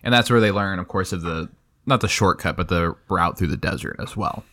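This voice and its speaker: Low-voiced man chatting about a book. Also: brisk, sharp tone. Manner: laughs easily while retelling scenes. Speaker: podcast co-host. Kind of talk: casual book discussion.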